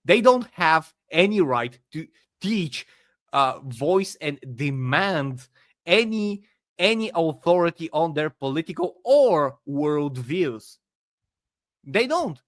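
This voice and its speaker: A man speaking as a podcast guest, giving forceful opinions with frequent hesitations. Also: a little high, very animated, slow, no room sound. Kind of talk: casual online debate chat.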